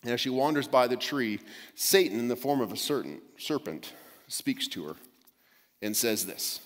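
A man's voice: medium pitch, lively intonation, moderate pace, big-room sound. A male preacher giving an emphatic sermon that often restarts his words mid-sentence.

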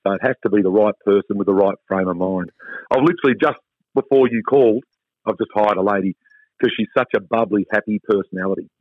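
A man's voice: lowish voice, quick pace, no room sound. Australian man, phone interview guest, chatty and upbeat, tinny phone line, dry sound. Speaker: travel company guest.

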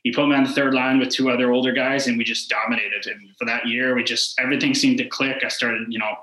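A young man talks quickly in a bright, forceful voice. He tells his story casually, with plenty of "like" and acted-out dialogue. The room gives it a clear echo. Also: medium pitch, little pitch movement. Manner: rambling, heavy use of "like" and quoted dialogue. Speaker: former hockey player, podcast guest. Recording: echoey room.

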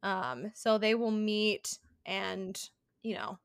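A woman co-hosting a casual sports podcast, animated and laughing often. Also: medium pitch, slow, clean tone, no room sound, clean studio sound. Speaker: podcast co-host.

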